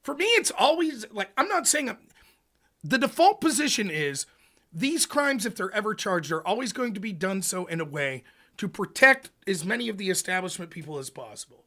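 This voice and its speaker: A man hosting a livestream, talking politics in an animated, profane rant. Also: sits high, normal speed. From United States. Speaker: livestream host. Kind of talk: casual political chat.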